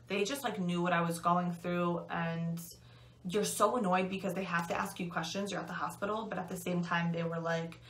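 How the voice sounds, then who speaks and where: A woman's voice: lowish voice, roomy sound, far from the mic, a little hiss or hum. A young woman telling a personal story to camera in casual, chatty talk, swearing freely and filling with "like" and "um". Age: young adult. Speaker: vlogger. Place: at home.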